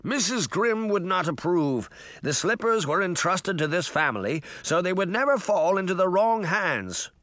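A man's voice: high voice, very animated, normal speed, fairly bright tone, no echo, pitched above the performer's own voice. Man voicing a fussy, disapproving magic mirror. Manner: prim, disapproving, grumbling. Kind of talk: audiobook character voice.

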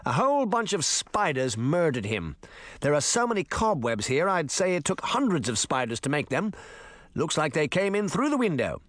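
A pompous, scornful mayor , voiced by a man, snaps and sneers with a lively, swinging pitch. The sound is dry and close. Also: moderate pace, dry recording. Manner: snappy, dismissive, smug. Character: pompous, scornful middle-aged male mayor.

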